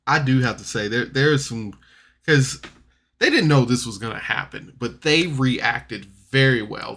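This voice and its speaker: A man talks through a podcast recap of a tabletop game in a loose, rambling way. His voice sits at an ordinary middle pitch. He stops and restarts a lot, filling the gaps with ums and uhs. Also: a bit bright. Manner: rambling, chatty, many fillers and restarts. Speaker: podcast reviewer.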